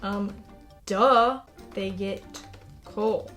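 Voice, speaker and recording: A young woman chatting casually with chatbots, blunt and sarcastic with a deadpan delivery. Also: medium pitch, drawn-out words, faint music behind. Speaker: YouTuber. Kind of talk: casual chat while role-playing with chatbots.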